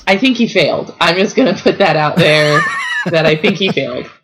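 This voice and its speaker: A woman in her thirties co-hosting a casual movie chat, animated and full of fillers. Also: low voice, normal speed, background noise. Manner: animated, lots of fillers, acts out reactions. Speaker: podcast co-host.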